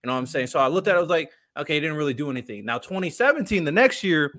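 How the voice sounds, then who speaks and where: Bright-voiced man making his case. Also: fairly high pitch, animated, very fast. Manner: analytical, builds points with stats. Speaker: co-host. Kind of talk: casual sports debate.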